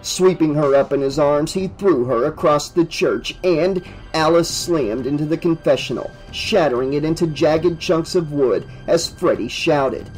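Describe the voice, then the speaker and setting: A man reading a horror novel aloud as an audiobook, in a steady, vivid storytelling manner. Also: on the high side, measured pace, few pauses, faint music behind, low-quality recording. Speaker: audiobook narrator.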